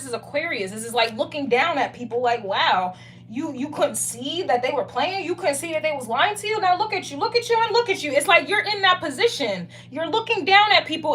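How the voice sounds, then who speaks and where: A woman's voice: high voice, a bit bright, slight background noise. A young woman doing a casual tarot reading, blunt, emphatic and profane. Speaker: tarot reader.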